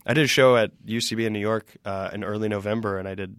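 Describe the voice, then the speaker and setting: A man in his thirties, a stand-up comedian guest, telling stories in a casual, animated way. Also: on the low side, smooth, no echo, clean studio sound. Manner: animated, quick storytelling with laughs. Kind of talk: casual interview chat.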